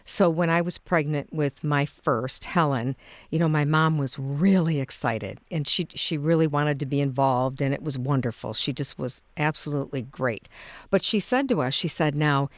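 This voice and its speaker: Low-voiced woman hosting a talk show. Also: moderate pace, no room sound. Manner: friendly, asks short questions, laughs along. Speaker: radio talk show host. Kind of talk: casual interview chat.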